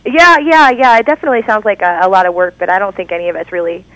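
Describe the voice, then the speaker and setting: A man's voice: high voice, steady tone, sharp tone, dry recording, low-quality recording. A man joining a podcast as a guest, chatting casually and agreeably. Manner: agreeable, quick to affirm. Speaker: guest, fan awards organizer. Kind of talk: casual chat.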